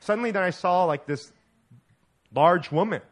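A middle-aged male pastor delivers a sermon as a lively story. He laughs often and acts out each line of dialogue with animation. His voice sits a little high for a man. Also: moderate pace.

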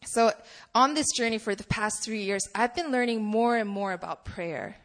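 This twentysomething student from Poland has a somewhat high, slightly bright voice and speaks at a moderate pace. She prays first, then gives a casual talk to a campus fellowship group, punctuated by frequent laughs.

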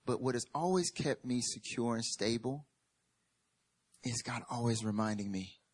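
In his sermon, this pastor recounts something from his own life, using humor and emphatic repetition, and sometimes turns quiet and earnest. He speaks a little slowly in a husky, mid-range voice.

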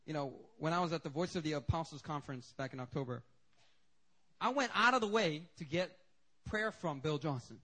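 Guy pastor preaching, kinda high voice, jokey storytelling. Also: a little fast. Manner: animated, joking storytelling. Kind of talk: sermon. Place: church service.

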